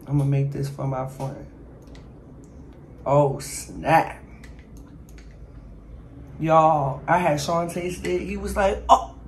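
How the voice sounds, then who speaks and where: A woman's voice: low voice, slow, pauses often, a little hiss or hum. Woman doing a cooking vlog, chatty w her viewers, eating + hyping her own salad. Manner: chatty, talks straight to viewers as y'all; playfully boastful about her food. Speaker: cooking vlogger.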